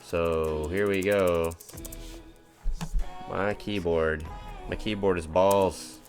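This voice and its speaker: A man's voice: sits low, steady tone, very slow, faint music behind. A man streaming a racing game live, chatting casually to viewers in a rambling, upbeat, self-mocking way. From United States.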